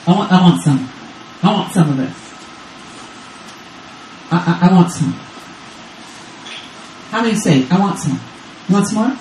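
Preaching as a guest at a church service, this Texas grandmother in her fifties uses a fairly low, slightly mellow voice that is expressive and unhurried, with long pauses. Her call-and-response is urgent and repetitive. A distant mic captures roomy church sound and slight background noise.

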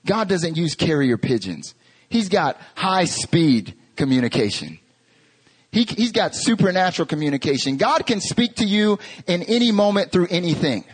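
Animated pastor preaching. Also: male voice, on the high side, slightly rough. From North Carolina, USA. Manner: animated storytelling with rhetorical questions. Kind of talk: sermon.

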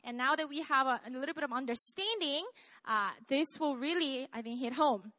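A woman pastor with a Korean accent delivers a live church sermon in a high, bright voice. She stays chatty and self-deprecating and keeps turning to the congregation with questions. The sound is dry and close, with no room echo. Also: a little fast.

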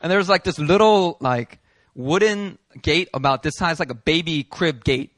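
A pastor telling a story from the pulpit, bright and forceful in tone and fairly high for a man. He acts out each person he quotes with real energy. The sound is dry and close. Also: moderate pace, no echo. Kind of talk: sermon with storytelling. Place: church hall.

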